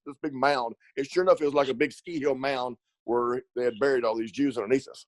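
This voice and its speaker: A man's voice: mid-range voice, steady tone, quick pace, hardly any pauses, no echo, poor audio. A middle-aged man, an ATV racer, telling rambling stories in a casual interview, laughing often and repeating words. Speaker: ATV racer and riding school coach.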